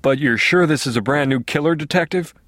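A man's voice: a little high, brisk, fairly bright tone, no room sound, voice pushed up. A man voicing a pushy, demanding male TV reporter in an audiobook. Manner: demanding, blurting.

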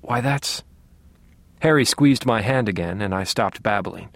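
A man's voice: on the low side, moderate pace, no room sound. Man reading a novel, dry and wry. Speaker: audiobook narrator. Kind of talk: scripted first-person novel narration.

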